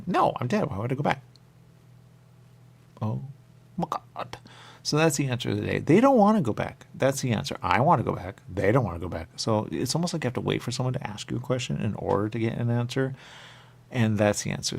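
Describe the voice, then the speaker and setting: A man talking in a rambling, repetitive radio monologue, dropping to whispers and jumping to sudden high exclamations. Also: gravelly. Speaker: radio host.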